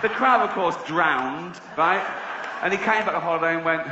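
A middle-aged man doing a stand-up routine, chatty and sweary, breaking into laughter at his own jokes. His voice sits fairly high. The sound is an echoey, muffled live recording with a lot of noise behind it. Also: normal speed. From England. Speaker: stand-up comedian.

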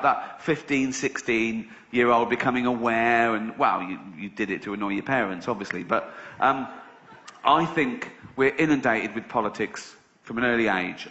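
A man's voice: medium pitch, pushed and bright. A man doing stand-up, telling a rambling, sweary story with sarcastic asides. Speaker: stand-up comedian. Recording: slightly dull live recording.

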